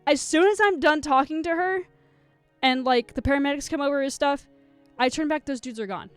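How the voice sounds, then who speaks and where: A woman's voice: sits high, animated, normal speed, clear, resonant tone, soft background music. A young woman streaming live, telling a rambling story to her chat, swearing a lot and close to tears.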